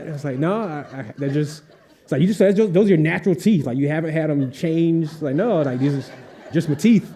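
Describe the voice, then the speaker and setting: A man's voice: on the high side, brisk. A young adult man telling a comic anecdote at a live author event, acting out the voices of the people in it and laughing often. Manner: animated storyteller, acts out voices, laughs often. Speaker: author on a panel.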